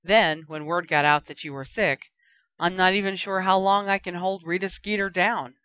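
A reader voicing an earnest, clever teenage girl who speaks briskly. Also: medium pitch, steady tone, sharp tone, clean tone, no echo, close to an everyday voice.

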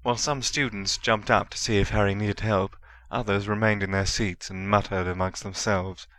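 A man narrating a story in a steady storytelling manner. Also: on the low side, moderate pace, dry recording. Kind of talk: fan reading of a story.

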